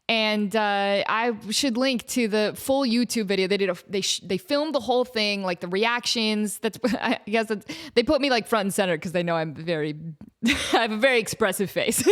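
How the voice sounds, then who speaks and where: A woman in her thirties hosting her own podcast, telling a story in a chatty, animated way with lots of fillers and restarts. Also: mid-range voice. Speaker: podcast host. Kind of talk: casual solo storytelling.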